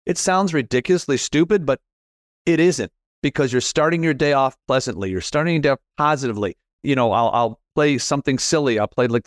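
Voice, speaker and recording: Middle-aged male host, rambling and self-deprecating, medium pitch, dry close sound. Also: no echo. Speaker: podcast host. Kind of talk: casual conversational interview.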